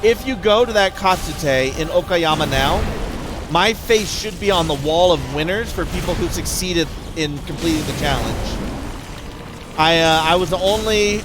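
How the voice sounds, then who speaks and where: A young male streamer with a slightly high voice talks in a relaxed, rambling way. He breaks off his stories to thank viewers and then picks them up again, all in easy live-stream chat over a desk microphone. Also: normal speed, noisy background. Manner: rambling storyteller who thanks viewers mid-story. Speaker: game streamer.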